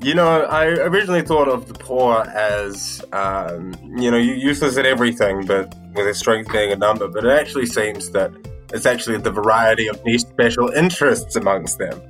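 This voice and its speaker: A man's voice: medium pitch, fairly quick, a bit bright, soft background music, close to an everyday voice. A man voicing a snobbish noble adventurer in a tabletop game, talking down about commoners in a haughty way. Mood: condescending.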